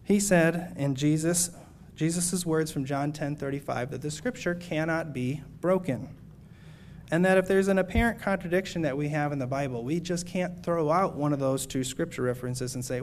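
A man delivers an earnest, measured sermon, his voice sitting a little higher than most men's. He works through scripture passages with steady conviction, reading them aloud and unpacking them for his listeners. A faint hum of the room lingers beneath him. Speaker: preacher.

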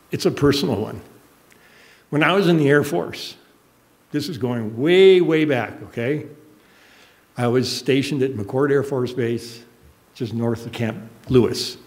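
An older man preaches a sermon and shares a personal story in an earnest, emotional way, choking up at moments. His voice is medium in pitch and a little mellow.

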